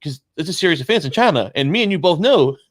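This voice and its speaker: A man's voice: fairly high pitch, expressive, rapid-fire, a bit bright, no echo, studio quality. A man co-hosting a casual talk show, telling a long story with lots of quoted dialogue and restarts. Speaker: podcast co-host.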